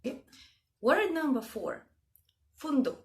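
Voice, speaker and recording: A woman from Russia with a Russian accent talks viewers through word meanings in a casual vlog. Her voice sits a little high, and she speaks slowly and deliberately. She lifts her pitch on each key word. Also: expressive. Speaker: language video host.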